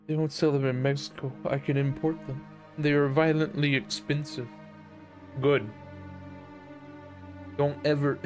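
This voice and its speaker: A male gaming streamer chatting with his viewers in a loose, joking way, swearing casually and laughing often. He talks at an unhurried, drawn-out pace in a mid-range voice. Faint game music runs in the background. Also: mid-range voice. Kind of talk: casual live-stream chat.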